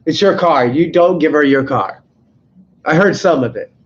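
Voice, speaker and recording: A young man, sick, telling rambling, exasperated stories about his fast-food job on a live stream, swearing constantly. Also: fairly high pitch, expressive, slightly rough. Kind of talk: casual live-stream storytelling. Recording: slightly dull lo-fi mic with faint noise.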